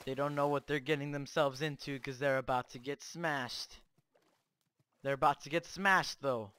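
A man hosting Minecraft gameplay commentary on a cheap microphone, excitable and boastful, trash-talking as he plays. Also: mid-range voice, normal speed, clear, resonant tone. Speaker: gaming channel host.

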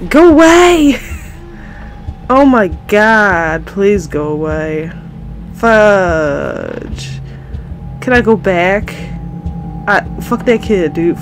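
Recorded poorly on her own desk mic, pulled back to avoid clipping, a woman with a fairly low voice plays a horror game for her viewers. Her let's play commentary is panicked, filled with constant swearing and frightened yelps.

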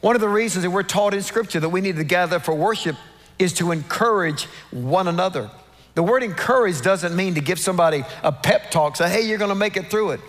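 A man preaching a sermon as senior pastor, slowing down to stress each quoted verse. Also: high voice, a bit bright, big-room sound. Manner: emphatic preaching, slows down to stress scripture quotes. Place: large church sanctuary.

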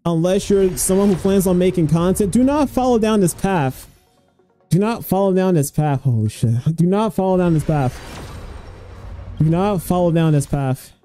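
A young man streaming his gacha pulls, excitable and swearing, pleading and groaning at each result. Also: sits high, moderate pace, soft background music. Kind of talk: gacha pull reaction stream.

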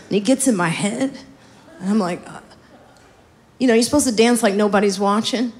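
Animated woman doing stand-up comedy. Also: lowish voice, a little fast. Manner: animated, acts out dialogue with voice jumps.

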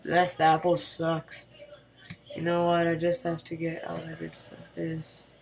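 Excitable woman yelling through gameplay commentary. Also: low voice, a little slow, creaky, a little hiss or hum. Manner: excitable, yelps and repeats words when panicking. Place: home computer desk at night.

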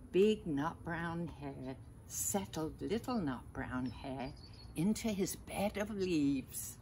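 Older woman, storybook reader for kids, gentle, unhurried, sing-song pitch. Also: lively intonation, a little hiss or hum. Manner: gentle, asks listeners little questions. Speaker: storyteller grandmother. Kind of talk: reading a picture book aloud to children.

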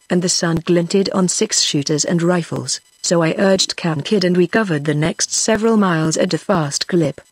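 A text-to-speech woman's voice with a British accent, reading an audiobook in an even, steady way. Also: lowish voice, slightly rough, no echo. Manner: even, steady machine-read delivery. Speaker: audiobook narrator.

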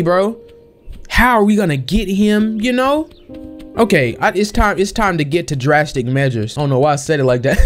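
Animated young man narrating his gameplay. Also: fairly high pitch. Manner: animated, slangy, talks to the game characters. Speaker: gameplay streamer. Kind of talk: casual let's-play commentary.

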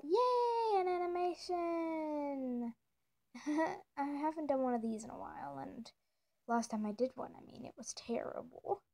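A woman's voice: high-pitched, dark tone. A woman chatting casually on her animation channel, playful and jokey, gushing and silly, often dropping into whispered asides. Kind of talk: casual vlog chat.

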